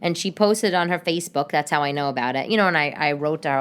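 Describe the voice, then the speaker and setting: Speaking at normal speed with hardly any pauses, this woman has a smooth, low-pitched voice. She's in her late 30s, casually rambling through a chatty solo podcast from her home and restarting often.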